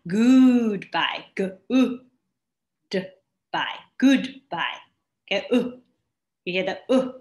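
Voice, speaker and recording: A woman teacher leading an online English class, sounding out vowel sounds slowly and patiently. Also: a little high, pushed and bright, roomy sound. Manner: slow, drawn-out sounding out of vowels.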